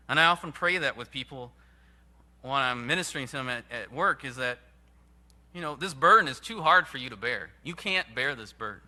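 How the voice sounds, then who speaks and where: A man preaching a sermon in an earnest, emphatic way, with sudden rises and hushed drops. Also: mid-range voice, animated, brisk. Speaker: pastor.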